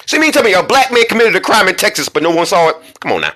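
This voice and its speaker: High, lively, sharp-voiced indignant man. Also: racing. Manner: indignant, rhetorical questions, repeats himself for emphasis. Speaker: commentary channel host. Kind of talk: heated commentary vlog.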